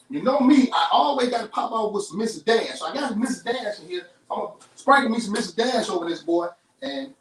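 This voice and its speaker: A man's voice: sits high, far from the mic. Chatty man hosting a kitchen cooking show. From Chicago. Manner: chatty, folksy, talks straight to viewers. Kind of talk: live cooking demonstration. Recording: roomy kitchen, off-mic.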